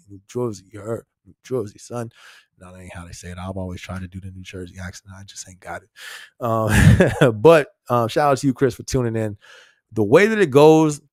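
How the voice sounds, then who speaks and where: A man's voice: mid-range voice, darkish tone, dry recording, studio quality. A man hosting a casual live-stream podcast, talking in a loose, slangy way and chuckling often while he answers viewers' comments. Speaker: podcast host.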